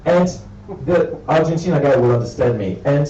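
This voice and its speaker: A man's voice: normal speed, slight background noise. A young man from Italy with an Italian accent doing a stand-up comedy set, acting out characters with big jumps in his voice. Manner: animated, acts out characters with big pitch jumps. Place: comedy club stage with audience. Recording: roomy, dull live club sound from a distance.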